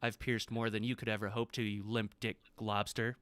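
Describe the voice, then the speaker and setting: Guy doing a bratty talking sword, sneery and rude, clear dry voice. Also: on the low side, level tone, normal speed, a bit bright, dry recording, close to an everyday voice. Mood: sneering. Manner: insulting, sneering.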